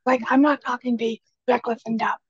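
Earnest raspy woman guest, very husky, dry close recording, lo-fi. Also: a little high, fairly even intonation, a little fast, dry recording. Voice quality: raspy, quiet voice. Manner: earnest and emphatic, repeats key phrases. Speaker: podcast guest, speaker and kitchen coach. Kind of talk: casual conversation.

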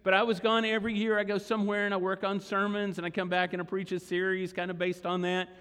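In a large church hall, recorded with long hall reverb, a man preaches and tells a story conversationally to his congregation. The pastor speaks at a quick pace in a high-pitched, smooth, fairly bright voice with a flat delivery.

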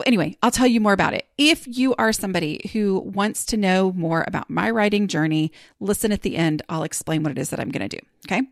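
A woman's voice: mid-range voice, dry recording, studio quality. A woman hosting a podcast, chatting casually and rambling with lots of fillers and restarts. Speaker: podcast host.

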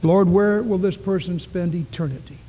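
A man preaching from the pulpit, earnest and story-driven, his voice fairly high for a man but mellow. A long church reverb hangs behind each phrase as he swings between raised calls and quiet hushes. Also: moderate pace, husky. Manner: earnest storytelling, rising to calls then dropping to near whispers. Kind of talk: sermon. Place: church sanctuary.

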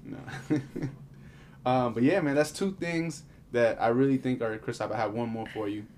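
A man co-hosting a casual podcast who teases his co-host and fills pauses with ums. His voice sits at a middle pitch, and a faint background noise runs under it. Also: a little mellow. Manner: playful, teasing, filler-heavy. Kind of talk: casual chat.

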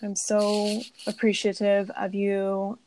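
A woman hosting a casual podcast interview, soft-spoken and rambling, with many fillers. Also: mid-range voice, completely flat delivery, takes it slowly, slight background noise. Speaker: podcast host.

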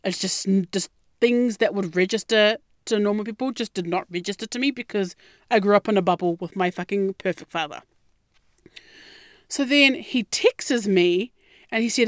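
A woman with an Australian accent, telling a personal story in a blunt, heavily profane and animated way. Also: mid-range voice, normal speed, no echo, studio quality. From Melbourne, Australia.

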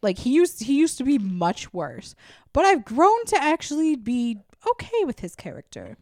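A woman's voice: high voice, wildly swooping pitch, normal speed, a little mellow, studio quality. A young woman co-hosting a comedy podcast in casual chat, teasing and echoing her friend. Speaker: podcast co-host.

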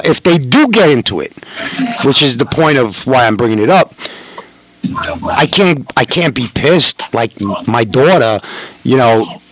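A man's voice: on the high side, low-quality recording. A middle-aged man telling stories as a podcast guest, casual, rambling and full of swearing. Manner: profane, rambling storyteller. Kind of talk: casual chat.

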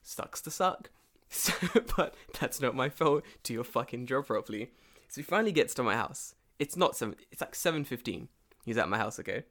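A man's voice: mid-range voice, lively intonation, brisk, a bit bright. A man telling a story in casual chat, swearing often, laughing, and acting out both sides of a phone call. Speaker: storyteller in a conversation. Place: lives and works in Japan.

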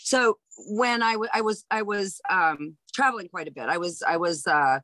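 A woman's voice: mid-range voice, normal speed, dry recording, rough recording. A woman in her fifties from Hawaii, a stand-up comedian, telling family stories in a casual interview with lots of restarts. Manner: animated storyteller, lots of restarts.

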